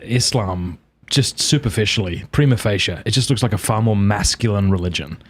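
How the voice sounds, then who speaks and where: Low-voiced podcast host. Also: male voice, normal speed. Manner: relaxed, conversational. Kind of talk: casual chat.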